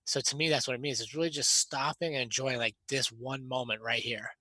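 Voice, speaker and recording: Guy cohosting a podcast, bright upfront voice, chatty and laughs a lot. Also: mid-range voice, fairly quick, dry recording. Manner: animated, laughs easily. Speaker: podcast co-host. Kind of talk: casual chat.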